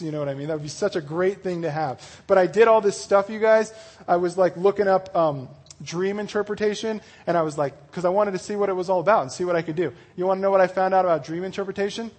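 A man with a husky, slightly high voice leads a casual sermon as a youth pastor. He reads scripture and then retells it in a laid-back, slangy way, acting out the characters as he goes. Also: quick pace, a little mellow.

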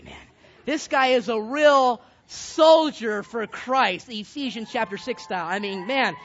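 Man, youth Bible study leader, animated and jokey with shouted emphasis, muffled lo-fi sound. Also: high-pitched, a little hiss or hum. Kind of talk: lively Bible study teaching with props. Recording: dull lo-fi sound.

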